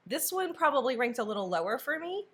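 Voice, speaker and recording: Animated woman chatting about a book. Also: high voice, quick pace, slightly rough. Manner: animated retelling, acts out characters' lines. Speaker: book review co-host. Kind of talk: casual book chat.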